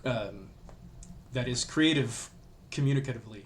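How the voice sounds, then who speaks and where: A man's voice: medium pitch, normal speed, slight background noise. A man with a Canadian accent, a guest on a podcast, chatting in an easygoing, wry way. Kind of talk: casual chat.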